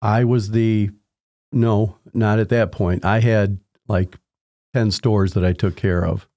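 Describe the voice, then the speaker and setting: A man's voice: fairly low pitch, fairly even intonation, slow pace, warm tone, no echo, clean studio sound. A man in his sixties, a podcast guest telling long anecdotes in a casual interview, rambling with restarts. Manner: rambling anecdotes with frequent restarts, acting out quoted people in raised voices. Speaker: podcast guest, home inspector.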